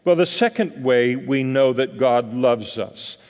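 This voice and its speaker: A man's voice: mid-range voice, measured pace, a little mellow. A man in his sixties from California, preaching a sermon in a folksy, rambling storytelling way with many fillers. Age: 60s. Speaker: pastor. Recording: long hall reverb.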